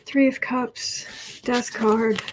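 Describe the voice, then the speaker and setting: A woman running a tarot livestream talks very slowly in a fairly high, steady voice, with slight background noise. Soft-spoken, she chats casually, reads viewer comments, and coos to her cat between readings.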